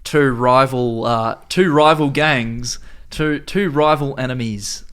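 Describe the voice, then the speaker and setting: A man's voice: medium pitch, takes it slowly, fairly bright tone, clean tone. A man co-hosting a casual podcast, laid-back and teasing. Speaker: podcast co-host. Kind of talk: casual chat.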